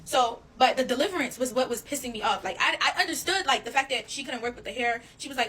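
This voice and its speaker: Fast-talking woman telling a storytime. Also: sits high, husky, rough recording. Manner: fast, animated, addresses listeners as y'all, swears freely. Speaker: storyteller vlogger. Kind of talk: casual storytime monologue.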